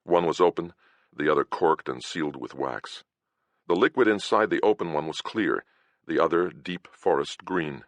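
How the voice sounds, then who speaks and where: Very deep, gravelly male narrator. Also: expressive, normal speed, no echo. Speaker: audiobook narrator. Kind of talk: first-person scripted narration.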